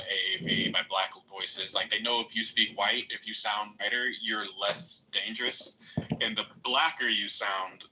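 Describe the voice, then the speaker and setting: A man's voice: on the low side, bright, forceful tone, a little hiss or hum, poor audio. Crude, brash man on a panel. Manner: crude, profane. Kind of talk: heated panel discussion.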